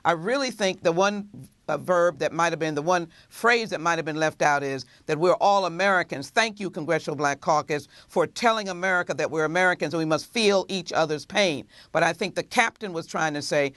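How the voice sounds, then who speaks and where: A woman legislator gives a measured television interview answer, pausing often to gather her words. Her voice is recorded close and dry, with no room sound at all. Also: fairly low pitch, a bit bright, no room sound. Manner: measured, many filler pauses. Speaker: congresswoman.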